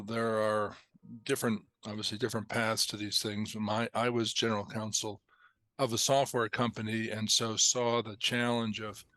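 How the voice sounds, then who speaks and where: A middle-aged man, a company founder as a podcast guest, explaining in a measured way and clearing his throat now and then. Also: on the low side, a bit bright, no room sound. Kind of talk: casual podcast interview.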